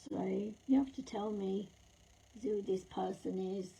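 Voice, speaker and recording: A woman, a psychic medium, chatting warmly with viewers during a livestream reading while her throat is sore and scratchy. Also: medium pitch, a little slow, gravelly, husky. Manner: chatty and affectionate, calls viewers lovely and darling. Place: at home.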